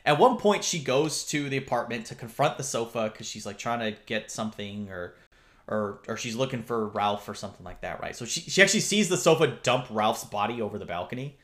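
A man's voice: mid-range voice, animated, fairly quick, fairly bright tone. A man co-hosting a podcast, casually retelling a movie plot in a rambling, profane way with bursts of laughter. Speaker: podcast co-host. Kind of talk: casual movie review chat.

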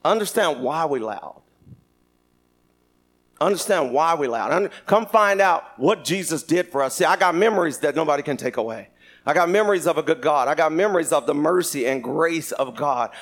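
High-voiced animated male preacher. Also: moderate pace. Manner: animated, shouting at peaks, laughing. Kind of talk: sermon.

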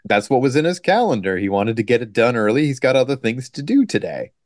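A man on a podcast, recapping a movie in casual, joking chat and tossing in quick mock quotes. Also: mid-range voice, big pitch swings, a little mellow, dry recording, studio quality. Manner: joking, sarcastic, quotes scenes in quick put-on lines. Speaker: podcast co-host.

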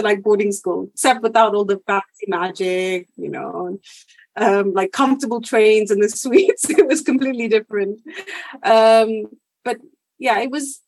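A woman's voice: mid-range voice, moderate pace, a little mellow, no room sound. A young woman from the UK answering interview questions in a chatty way, full of "like" fillers. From United Kingdom. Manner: chatty, many "like" fillers, laughs easily. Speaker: guest.

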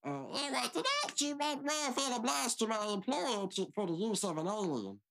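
A woman's voice: fairly high pitch, big pitch swings, a little fast, gravelly, fairly bright tone, full character voice. A woman playing a bumbling male butler in an amateur comedic radio drama, stammering and tripping over her words. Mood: flustered.

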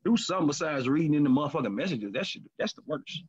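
A man in casual chat as a podcast co-host, talking candidly and profanely with animated storytelling. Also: a little high, fast talker, background noise. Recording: lo-fi muffled recording.

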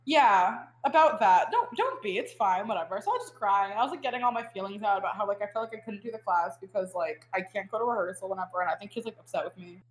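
A woman's voice: medium pitch, rapid-fire, hardly any pauses, roomy sound. A young woman telling a story in casual chat, full of fillers. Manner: chatty storytelling with frequent fillers. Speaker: guest.

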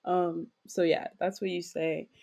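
Low, mellow-voiced young woman rambling. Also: flat delivery, a little slow, gravelly. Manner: rambling, filler-heavy, giggly, casual swearing. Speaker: podcast co-host. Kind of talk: casual dream storytelling.

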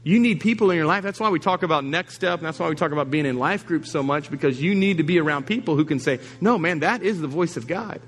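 A man's voice: fairly high pitch, quick pace, hardly any pauses. Emphatic male pastor preaching. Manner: emphatic, repeats key lines, acts out quoted people. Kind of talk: sermon. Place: church service.

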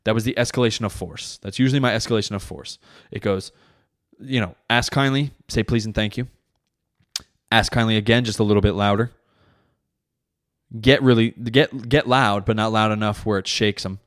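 A man hosting his own comedy podcast with a lowish voice. He rambles through a story about his kids, swearing freely and correcting himself as he goes. He keeps a casual, unscripted tone throughout. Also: moderate pace, long pauses. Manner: profane, rambling, self-correcting. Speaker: father.

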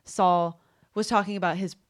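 A woman with a fairly low voice co-hosts a casual podcast. She recaps trivia rounds in a playful, chatty way and laughs easily. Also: fairly even intonation, moderate pace. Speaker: podcast co-host.

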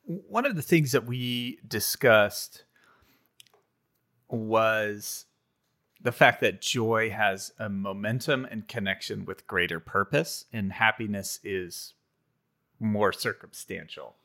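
A man co-hosting a faith podcast, explaining scripture verses in a steady, thoughtful way. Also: fairly low pitch, slow. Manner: explanatory, working through scripture. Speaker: podcast co-host.

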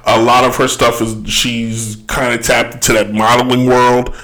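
A man's voice: medium pitch, little pitch movement, moderate pace, sharp tone, poor audio. Rambling man with a throaty voice. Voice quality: throaty, coughs and clears throat. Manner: rambling, self-correcting, laughs often. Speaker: podcast host. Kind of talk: casual solo commentary.

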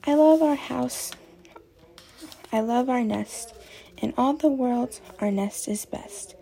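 A woman's voice: a little high, steady tone, normal speed, gravelly, a little mellow, rough recording. A woman reading aloud, voicing a devoted male bird husband in a storybook with simple sing-song phrasing. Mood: joyful singing.

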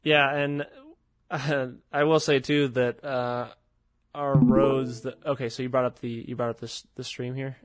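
A man's voice: medium pitch, little pitch movement, unhurried. A man hosting a casual podcast with friends, talking in a rambling, hesitant way. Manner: rambling, hesitant, many restarts. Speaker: podcast host. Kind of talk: casual chat.

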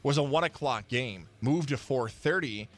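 A man's voice: mid-range voice, normal speed. A man hosting sports talk radio, ranting with energy and acting out the quotes he tells. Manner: animated, ranting, acts out quotes.

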